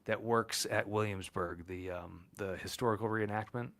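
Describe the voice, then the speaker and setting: Lowish voice dude cracking jokes on a podcast, bright edgy tone. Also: male voice, steady tone, moderate pace. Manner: joking, teasing banter. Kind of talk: casual podcast chat.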